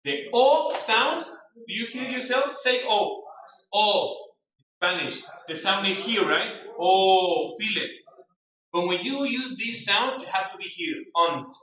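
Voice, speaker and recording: Male English teacher, high bright voice, slow drills, very echoey distant room. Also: lively intonation, muffled recording. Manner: brisk corrective commands. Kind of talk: classroom pronunciation drill. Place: classroom.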